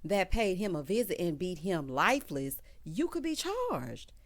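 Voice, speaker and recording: Woman reading anxious pushy friend, prying, lively pitch. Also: measured pace, heavily acted.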